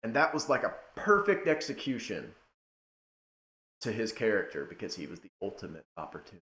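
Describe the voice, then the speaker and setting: A young man giving a casual rant to camera, emphatic, swinging between loud outbursts and low muttering. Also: sing-song, a little fast, echoey room, a little hiss or hum. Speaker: wrestling commentator.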